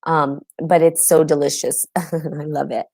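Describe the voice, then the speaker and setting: A woman's voice: deep voice, flat delivery, measured pace, vocal fry, mellow, no echo, studio quality. A woman hosting a casual spiritual podcast, chatty and tired, with many ums and frequent laughs. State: tired, yawning. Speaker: podcast host. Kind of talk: casual spiritual talk with live audience.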